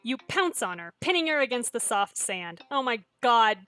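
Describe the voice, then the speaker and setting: A woman's voice: on the high side, big pitch swings, normal speed, sharp tone, no room sound, soft background music. A young woman streaming a story game, reading it aloud and chatting in a self-deprecating way. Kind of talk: reading a visual novel aloud while streaming.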